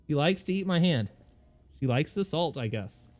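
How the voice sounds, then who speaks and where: A man streaming a game from his apartment, chatting casually into a desk mic, self-deprecating and full of quick asides. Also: a little high, very animated, gravelly. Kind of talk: casual live-stream chat. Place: home apartment. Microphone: desk microphone.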